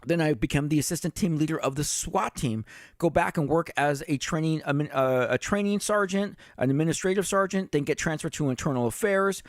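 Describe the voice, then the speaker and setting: Speaking briskly with a fairly high pitch, a man in his fifties recounts stories as a retired police chief on a casual livestream. He chats directly with his viewers and drops the odd swear word, all captured in a dry recording.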